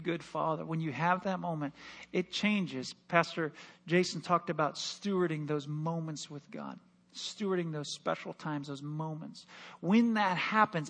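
A man preaching a sermon in church, telling a personal story with passion and dropping from loud to hushed. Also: on the high side. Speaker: pastor.

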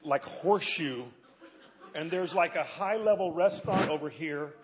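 A man's voice: on the high side, moderate pace, poor audio. A man chiming into his wife's church testimony with jokey asides, laughing as he talks. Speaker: co-speaker, the storyteller's husband.

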